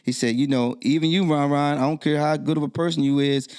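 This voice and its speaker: A middle-aged man, a guest DJ, telling a personal story in a podcast interview, his voice jumping high when he quotes himself. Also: fairly even intonation, fast, a little mellow, clean tone.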